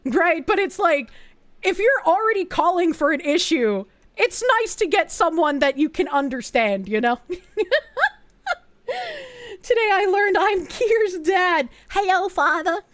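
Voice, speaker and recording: A young woman with a high, girlish voice, chatting to her stream audience. She rambles through her points, peppers them with fillers and swears, and keeps breaking into giggles. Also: animated, moderate pace. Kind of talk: casual livestream chat.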